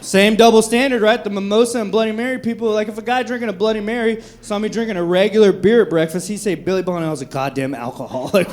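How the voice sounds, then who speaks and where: A man's voice: high voice, fast, few pauses, slight background noise. A man in his thirties doing a brash, profane stand-up comedy set at a comedy club. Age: 30s. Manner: brash, profane, animated delivery. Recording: live club recording with crowd laughter. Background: audience laughter.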